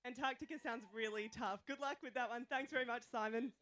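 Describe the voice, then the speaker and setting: An enthusiastic woman reporting from the finish area of a swim event, encouraging the crowd to cheer. Her voice sits a little high. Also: fairly even intonation, a little fast, a bit bright. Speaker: roving reporter. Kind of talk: live event interviewing.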